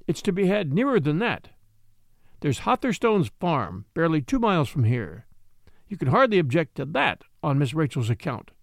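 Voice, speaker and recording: Sly old house steward, folksy and scolding, lively rise and fall, dry close sound , read by a man. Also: on the high side, normal speed, creaky, dry recording. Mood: earnest.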